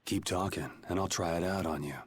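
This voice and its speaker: A man's voice: low voice, fairly even intonation, a little fast, slight background noise, lightly acted. An actor voicing a sardonic young male swordsman in a video game, with a dry, curt, dismissive manner. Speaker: game character.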